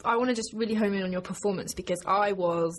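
A woman's voice: medium pitch, fast talker. A woman interviewing an actor about a film, chatty and enthusiastic. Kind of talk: interview questions. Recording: faint background noise.

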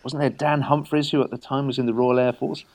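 A man's voice: mid-range voice, flat delivery, brisk, darkish tone. A man co-hosting a radio show, chatting and asking leading questions. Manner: conversational, asks leading questions. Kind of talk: casual chat.

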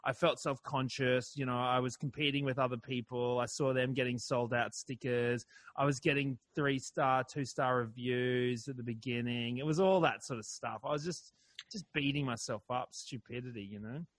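A comedian from Australia chatting casually, rambling and self-deprecating, swearing now and then. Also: male voice, medium pitch, fairly even intonation, normal speed, a bit bright. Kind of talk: casual chat.

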